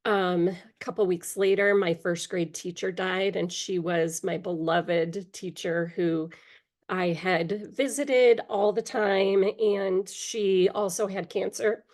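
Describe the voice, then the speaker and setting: In an interview, a middle-aged woman recounts her life in a candid, halting manner, with pauses and small fillers breaking up her middle-pitched voice. Her intonation is fairly even and her tone darkish, and allergies make her clear her throat now and then.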